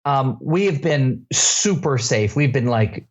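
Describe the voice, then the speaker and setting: A man co-hosting a comedy podcast, telling a story in casual chat and breaking into shrill, shouted quotes of himself. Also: slow. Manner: animated storyteller, jumps to shrill shouting when quoting himself. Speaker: podcast co-host.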